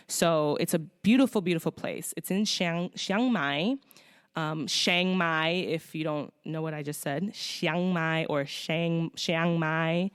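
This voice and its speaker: This podcast host, a woman with a low-pitched voice, talks in a loose, rambling way, swearing and leaning heavily on fillers. The recording is studio quality with no echo.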